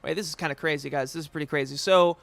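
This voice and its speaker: A man hosts his live stream and reacts out loud in a rambling, excitable way, swearing freely. His voice sits high, close to the mic, dry and without room sound. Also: very fast, gravelly, no room sound, faint music behind. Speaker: streamer and host.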